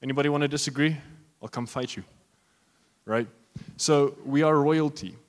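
A man's voice: on the high side, moderate pace, long reverb tail. A man preaching a sermon as pastor, joking and talking straight to his congregation.

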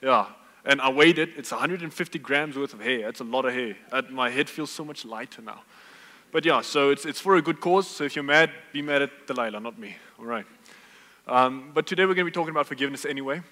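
A man's voice: mid-range voice, fast talker. A man preaching a sermon, casual and joking, telling stories to his congregation. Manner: relaxed, joking, conversational preaching. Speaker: pastor. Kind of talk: sermon with storytelling. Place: church hall. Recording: long hall reverb.

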